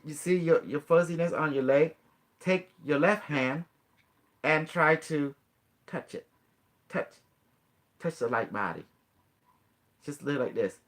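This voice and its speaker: A man's voice: a little high, bright, forceful tone. A man hosting a casual talk, coaching his guest step by step with frequent laughs and broken grammar. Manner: instructive, coaxing, laughs often, non-native grammar. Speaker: host teaching a guest. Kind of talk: casual guided demonstration.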